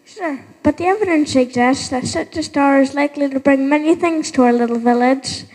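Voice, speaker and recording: Earnest high-voiced woman villager. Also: moderate pace, a little mellow, long reverb tail, poor audio. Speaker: villager in a church pageant. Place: church sanctuary.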